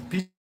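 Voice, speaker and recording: A man hosting a live stream, telling a story in a rambling way with swearing, laughs and many restarts. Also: a little high.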